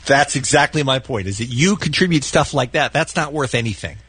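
A man's voice: medium pitch, expressive, fairly quick, fairly bright tone, breathy edge, no echo. A man co-hosting a radio show, bantering bluntly and teasing his guests. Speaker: radio co-host.

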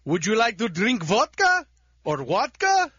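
A theatrical Russian-accented man in a Dracula-like manner, as a radio regular puts him on. The voice stays high and lively. The audio is dry and a bit dull. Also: measured pace, husky, no echo, exaggerated voice. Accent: Russian (put on).

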